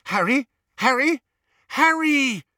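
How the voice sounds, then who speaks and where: A man voicing a clever, anxious teenage girl wizard in an audiobook, speaking quickly and earnestly in a raised voice. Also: fairly high pitch, huge pitch swings, a bit bright, dry recording, studio quality, pitched above the performer's own voice, heavily acted. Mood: shouting. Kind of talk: audiobook character voice.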